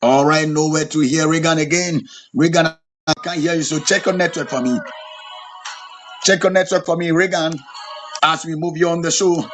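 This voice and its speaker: A man's voice: on the high side, steady tone, moderate pace, long pauses. A man hosting a live evening show, repeating his phrases and calling out to a guest on the line. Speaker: show host. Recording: faint music behind.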